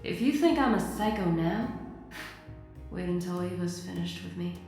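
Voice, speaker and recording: A cold, weary brainwashed young man, voiced by a woman, speaking in a flat, sighing, resigned way. His voice rings out with a heavy, long echo like a voice inside someone's skull. Faint music plays underneath. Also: medium pitch, takes it slowly, pitched above the performer's own voice. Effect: heavy echo, voice inside a head. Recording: echoey, long hall reverb, faint music.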